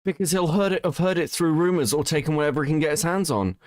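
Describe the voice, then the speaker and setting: A British man hosting a casual reaction podcast, emphatic and quick to swear. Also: fairly high pitch, no echo, clean studio sound. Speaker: podcast host.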